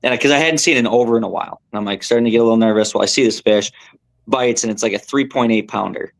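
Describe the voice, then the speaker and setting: Gravelly young man telling a fishing story. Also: fairly low pitch, rapid-fire. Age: young adult. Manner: animated, rambling, lots of fillers and self-corrections. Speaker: tournament angler guest. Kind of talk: casual storytelling on a podcast.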